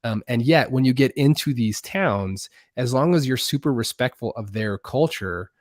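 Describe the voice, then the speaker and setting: A man, a guest YouTuber, telling stories in an animated way on a video call, with lots of fillers and restarts. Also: medium pitch, normal speed, no room sound, studio quality. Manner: many fillers and restarts, acts out quoted voices. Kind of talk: animated storytelling.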